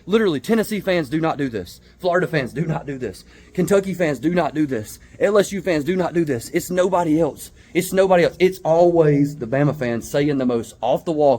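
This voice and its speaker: A man in his late twenties with a drawl vents straight to camera, his voice sitting a little high. He talks in heated bursts, repeating and restarting phrases as he builds steam. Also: lively intonation, a little fast, a little mellow. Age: 20s. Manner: heated, repetitive, stammering restarts, mocking put-on voices. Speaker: vlogger, Georgia football fan. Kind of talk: casual rant to camera.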